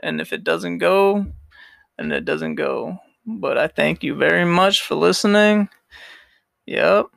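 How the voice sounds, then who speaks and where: A man's voice: high voice, slow pace, vocal fry, a bit bright, no echo, studio quality. A young man hosting a solo podcast who tells a story in a rambling, profane way and laughs often. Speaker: podcast host.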